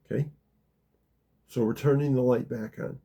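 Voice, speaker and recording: A man leading a gentle guided meditation talk, calm and unhurried, dropping very soft in the guided parts. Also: mid-range voice, breathy edge. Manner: slow, gentle, drops to a near whisper in the guided parts. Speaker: spiritual teacher guiding a practice.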